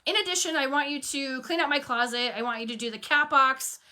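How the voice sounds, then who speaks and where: A woman's voice: high voice, a little fast, bright, forceful tone. A woman voicing a pushy, demanding female cleaning client who lists her demands one after another. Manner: listing demands in a row.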